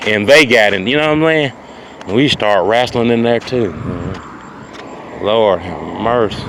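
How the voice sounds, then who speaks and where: A man spinning a loose, boastful comic tale, circling back to his listeners again and again. His voice sits at an ordinary middle pitch. Street and vehicle noise comes through clearly behind him outdoors. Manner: rambling, boastful, repeats "ladies and gentlemen" and "you know what I'm saying". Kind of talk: improvised comic storytelling monologue.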